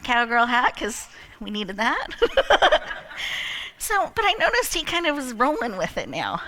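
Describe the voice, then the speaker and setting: A woman emcees a live event, telling a playful story and leading the crowd amid lots of laughter, animated and laughing often herself. Her voice is high-pitched and a little slow, with slight background noise.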